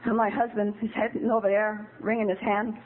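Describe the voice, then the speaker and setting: Speaking fairly quickly in a medium-pitched, level tone, this fifty-something woman shares her recovery story openly and with feeling at an AA meeting. The recording is an old, tinny, phone-like tape carrying faint hiss.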